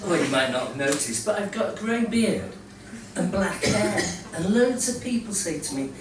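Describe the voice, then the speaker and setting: A man's voice: sits high, sing-song, normal speed. Hesitant middle-aged Scottish man doing stand-up. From Scotland. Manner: hesitant, full of ums, laughing at his own jokes. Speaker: stand-up comedian. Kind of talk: stand-up comedy set. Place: small comedy venue with a live audience. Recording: roomy venue recorded from a distance, audience noise.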